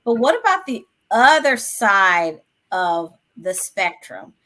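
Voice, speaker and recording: Bright-voiced woman interview host. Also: mid-range voice, big pitch swings, takes it slowly. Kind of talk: interview questions.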